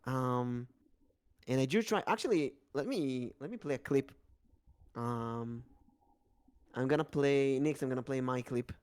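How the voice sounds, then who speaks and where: A man co-hosting a podcast, chatting casually about streaming in a lively, slightly halting way. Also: medium pitch, smooth.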